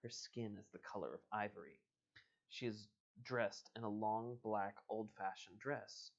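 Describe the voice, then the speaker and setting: A man's voice: lowish voice, unhurried, creaky, lo-fi sound. A man hosting a livestream, reading an interactive adventure book aloud in a casual, playful way. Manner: casual, chuckling, playful asides. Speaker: host and reader.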